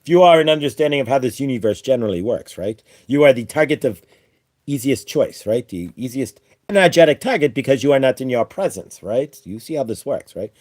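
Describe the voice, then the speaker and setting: A man's voice: medium pitch, expressive, brisk, a little mellow, no echo, clean studio sound, close to an everyday voice. A man channeling a male ascended master spirit, giving a spiritual teaching in a preachy manner that ends almost every point with "right?". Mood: earnest teaching.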